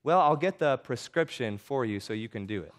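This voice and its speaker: A man voicing a calm, gently joking father in a story he reads aloud during a sermon. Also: medium pitch, a little fast, natural voice. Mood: gentle. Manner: calm, teasing.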